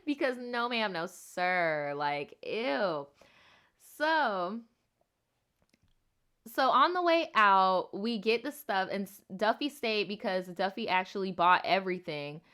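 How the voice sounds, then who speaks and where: A woman hosts a casual livestream, reading out viewer stories and riffing on them. She talks in a sassy, profane way full of slang, and her voice has a bright, forward edge. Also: medium pitch, lively intonation, slow. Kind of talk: casual livestream storytime chat.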